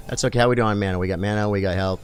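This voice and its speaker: A man live-streaming a video game, chatting excitedly with his viewers in a casual, mildly swearing way. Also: lowish voice, very fast, soft background music. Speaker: gaming streamer.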